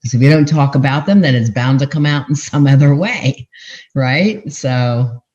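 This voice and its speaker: An older woman relationship coach explaining her methods to podcast hosts, telling stories animatedly with pitch jumps for emphasis. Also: normal speed, darkish tone. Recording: dull, muffled sound.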